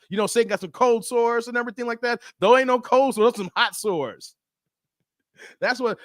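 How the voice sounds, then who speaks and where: Man, live stream host, casual banter, frequent laughter, high-ish voice, dry close sound. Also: a bit bright, no room sound. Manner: laughs often, loose joking banter with chat. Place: Las Vegas.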